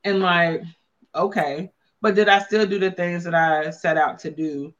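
A woman's voice: on the low side, steady tone, measured pace, highs cut off. A woman hosting a casual chat, blunt and playful, with lots of salty slang. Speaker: podcast host and wellness coach.

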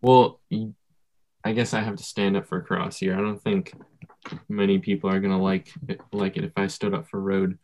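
A man with a somewhat low voice who talks in a hesitant, halting way, peppered with ums, in a casual chat among friends. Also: level tone, a little mellow.

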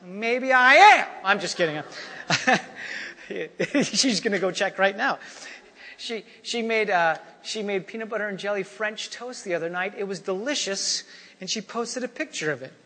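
Male preacher, high-pitched, talks to the congregation casually with repeated lines; church hall echo. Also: normal speed, sharp tone. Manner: conversational preaching with repeated refrains; frequent "you know" and "right?" asides. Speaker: pastor. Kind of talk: sermon. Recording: long hall reverb.

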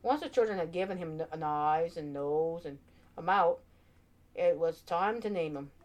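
A woman narrating a children's storybook aloud with expressive, animated delivery. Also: sits low, moderate pace.

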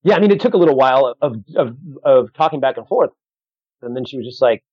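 A man's voice: medium pitch, animated, fast talker, husky, no room sound, highs cut off. A man who does stand-up comedy, chatting casually and telling a story with lots of restarts and voiced quotes.

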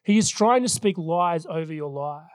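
Earnest high-voiced male pastor preaching. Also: lively intonation, moderate pace, dry recording, clean studio sound. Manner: earnest, personal storytelling. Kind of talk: sermon. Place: church service.

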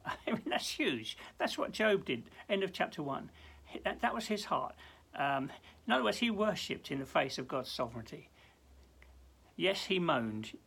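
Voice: medium pitch, animated, moderate pace, gravelly, fairly bright tone, slightly rough. A minister giving a short devotional talk, speaking earnestly with many stammered restarts and acting out prayers with rising intensity. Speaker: church minister.

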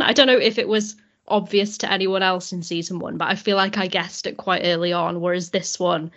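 A young woman on a podcast, chatting in a relaxed, easygoing way. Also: fairly low pitch. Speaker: podcast contributor. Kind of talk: casual chat.

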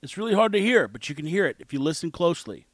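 Lively, chatty man hosting a podcast. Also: fairly high pitch, fast talker, no room sound. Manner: rambling, opinionated, conversational. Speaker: podcast host. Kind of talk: casual rant monologue.

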